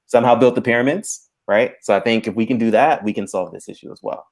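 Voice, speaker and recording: A man's voice: medium pitch, fast talker. A man running for local office, answering as a guest over a stream in an earnest, hopeful way. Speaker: political candidate guest. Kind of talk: interview answers.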